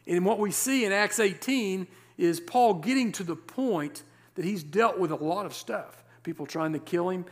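A male pastor preaching a sermon, reading scripture verses and explaining them with rhetorical questions and slowed, stressed words. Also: high voice. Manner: emphatic, slows down to stress key words.

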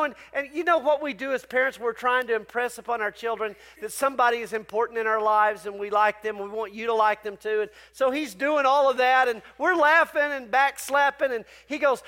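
Brief: man, pastor in the pulpit, very high voice, lively story-driven sermon. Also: a little fast, hardly any pauses. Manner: conversational, animated storytelling.

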